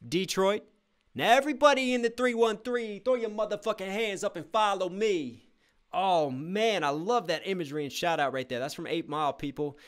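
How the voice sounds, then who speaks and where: A young man hosting a live music reaction stream, reading chat aloud, breaking into shouts and explaining rhyme schemes. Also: a little high.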